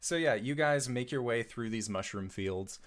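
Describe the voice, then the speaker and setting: A man narrating a tabletop game as game master, slow and relaxed with many pauses. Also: medium pitch.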